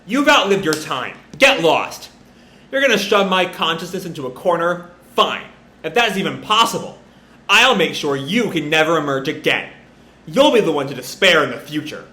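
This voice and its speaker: A man voicing a defiant, hot-headed young male ninja with loud, shouted lines. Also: on the high side, lively intonation, moderate pace. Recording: roomy echo.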